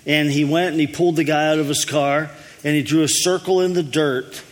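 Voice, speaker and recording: A pastor with a slightly high voice eases into his message with folksy jokes, chuckling along as he goes. He speaks from the front of a church, and a long hall reverb trails behind his words. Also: steady tone, fairly quick. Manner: folksy, easygoing joke-telling with a chuckle. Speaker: lead pastor. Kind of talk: telling jokes before a sermon.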